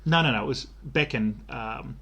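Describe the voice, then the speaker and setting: A man's voice: medium pitch, moderate pace, gravelly, sharp tone, slightly rough, highs cut off. A man co-hosting a podcast, rambling and sardonic in casual chat. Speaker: podcast co-host.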